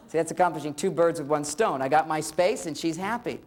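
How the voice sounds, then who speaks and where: A man's voice: fairly high pitch, a little fast, few pauses. A middle-aged man giving a humorous talk on relationships, playfully acting out little bits of dialogue. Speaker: relationship speaker. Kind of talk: humorous lecture.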